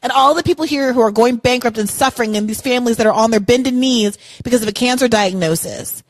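A woman hosts a live call-in podcast and rants with passion about what she cares about. Her voice sits a bit high. The sound is dry and close. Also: quick pace, dry recording. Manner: passionate ranting. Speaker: podcast host.

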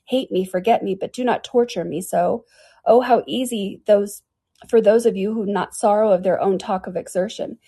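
A woman's voice: medium pitch, moderate pace, mellow, husky. A woman reading an audiobook and voicing an anguished, heartbroken young woman who pleads in wild outbursts. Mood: desperate.

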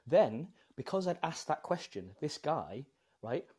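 This British man has a fairly high, husky voice and speaks a little slowly in a dry recording. Chatting casually on a podcast, he tells stories with animation and keeps tossing in tag questions like "right?".

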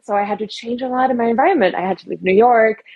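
A woman's voice: fairly high pitch, quick pace, breathy edge, dull audio. A woman in her thirties, a podcast guest, telling a personal story in an earnest, reflective way.

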